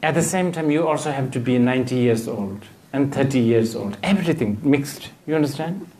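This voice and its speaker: A man giving a dharma talk as a Buddhist teacher. He rambles, hunts for words, and fills the gaps with "you know," with gently humorous asides. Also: medium pitch, a little fast. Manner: digressive, searching for words, frequent "you know".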